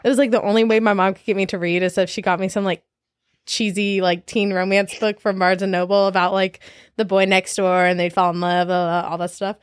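A woman's voice: medium pitch, little pitch movement, a little fast, clean tone, dry recording, studio quality. A young woman in her twenties talking candidly in a casual podcast chat, laughing often and using many fillers.

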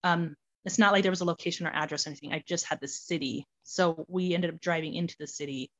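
A woman's voice: lowish voice, fast. Woman telling a personal story, lo-fi sound. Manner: animated, many fillers such as "like". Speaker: adoptee guest sharing her story.

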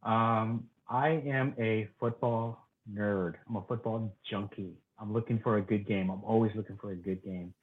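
A man's voice: lowish voice, steady tone, normal speed, few pauses. A man, a podcast guest, talking eagerly about football with restarts. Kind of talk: casual chat. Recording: tinny phone-like call line.

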